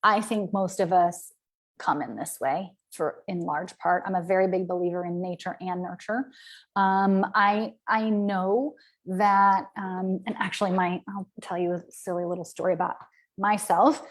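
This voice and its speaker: A woman's voice: on the low side, fairly even intonation, measured pace. A woman from the American South, a business coach speaking in a casual live-stream talk, candid and chatty with many "right?"s and "um"s.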